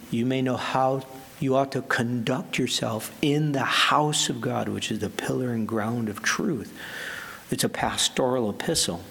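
A man preaching a sermon as pastor, earnest and emphatic, slowing down to stress the scripture he quotes. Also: mid-range voice, vocal fry, a bit bright, a little hiss or hum.

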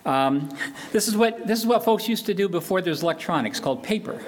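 A man's voice: high-pitched, lively intonation, brisk. An older man preaching a sermon as pastor, earnest and emphatic, repeating key phrases.

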